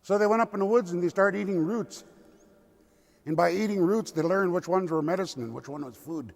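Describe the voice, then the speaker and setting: An older man from the Lummi Nation, a tribal elder telling a traditional story in a slow, deliberate way. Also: sits high, vocal fry. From Lummi Nation, Pacific Northwest. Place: cathedral. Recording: long cathedral reverb.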